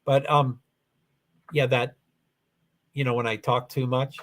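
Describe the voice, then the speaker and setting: This Louisville, Kentucky man has a medium-pitched voice, a flat delivery and a slow pace, with a faint Southern accent. Hosting a casual livestream chat, he talks in a rambling, hesitant way full of restarts.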